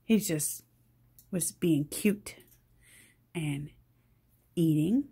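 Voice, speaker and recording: A woman's voice: sits low, drawn-out words, dark tone, breathy edge. A woman filming her pet cockatoo on a phone at home, scolding it and cooing at it in playful baby talk. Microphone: phone held in hand.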